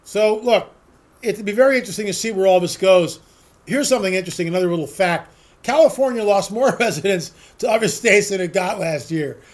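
A man with a notably high voice talks straight to his listeners in an opinion monologue. He hosts a political talk show, and his delivery is emphatic and sarcastic, driven by rhetorical question after rhetorical question. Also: brisk.

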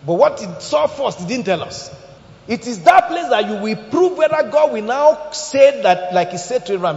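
Man, preacher, sermon, high voice, echoey hall, muffled sound. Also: fairly quick. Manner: animated storytelling, asks the congregation questions.

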